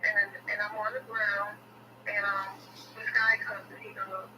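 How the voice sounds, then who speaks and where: A woman's voice: medium pitch, level tone, measured pace, far from the mic, noisy background. A woman as an interview guest, recounting a personal experience emphatically, repeating phrases and using many fillers.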